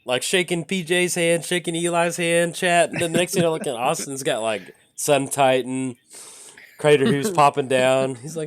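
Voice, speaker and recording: A man's voice: a little high, steady tone, moderate pace, clean tone. A man hosting a casual card game chat over an online call, laughing often and acting out his own thoughts. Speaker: host, commander player. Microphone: own mic on an online call.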